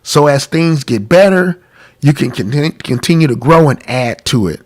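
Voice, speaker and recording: A man's voice: medium pitch, expressive, normal speed. A man hosting a live-streamed talk about money, congested from a cold, earnest and pleading, repeating himself. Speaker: podcast host.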